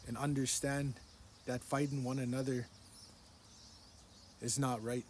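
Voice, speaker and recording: A man's voice: medium pitch, level tone, a little slow, pauses often, a little mellow, slight background noise. A man telling a story in casual speech to a phone, earnest, repeating his phrases and restarting sentences. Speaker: social media storyteller.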